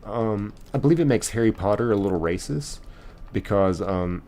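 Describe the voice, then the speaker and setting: Low-voiced man streaming casually. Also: lively intonation, normal speed, dark tone. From United States. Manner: reads viewer comments aloud, rambling with many fillers. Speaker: live-stream host. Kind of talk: casual live-stream chat.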